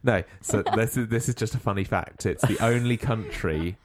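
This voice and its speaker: A young man co-hosting a podcast, wry and quick to laugh. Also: lowish voice. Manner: wry, laughs easily, stammers on restarts. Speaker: podcast co-host. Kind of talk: casual chat.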